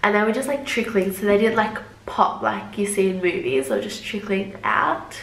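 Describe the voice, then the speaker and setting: A woman's voice: medium pitch, moderate pace, fairly bright tone. A young woman vlogger recounting a story in an easygoing, rambling way, scattering "like" through her sentences. Her voice sits in a middle register. It carries a noticeable roomy echo. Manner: chatty, loose, heavy use of "like" as filler. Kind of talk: casual storytelling to camera.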